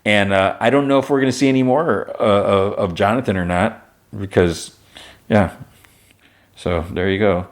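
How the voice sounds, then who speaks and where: Low-voiced man rambling through a recap. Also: moderate pace. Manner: rambling retelling, heavy on "like" and restarts. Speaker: podcast host. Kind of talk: casual episode recap.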